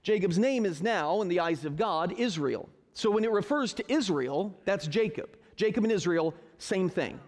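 A man's voice: high-pitched, animated, normal speed, few pauses. A man teaching a Bible story to a group in a joking, sarcastic way. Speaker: pastor. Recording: reverberant hall.

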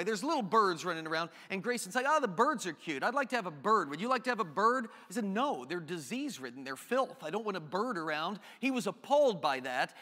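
A man's voice: high-pitched, sharp tone, big-room sound. A man preaching a sermon as pastor, conversational and joking, with off-topic asides.

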